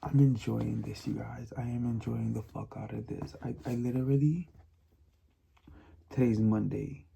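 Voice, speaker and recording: A man's voice: medium pitch, fairly even intonation, unhurried, creaky, dark tone, slight background noise. A man chatting casually in a reading vlog, emphatic and repetitive, often laughing and sometimes dropping to a whisper. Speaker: book vlogger.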